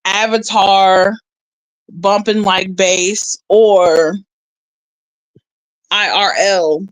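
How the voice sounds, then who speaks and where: A woman's voice: medium pitch, steady tone, very slow, dry recording, poor audio. A woman chatting casually on a livestream, rambling and laughing as she reads her viewers' chat aloud.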